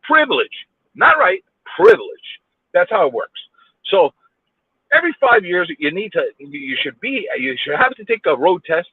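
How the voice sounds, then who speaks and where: A man's voice: high voice, big pitch swings, normal speed, breathy edge, no echo. A man with a New York accent ranting angrily while driving in city traffic, firing off repeated rhetorical questions and swearing. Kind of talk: angry road rant. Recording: tinny phone-like audio.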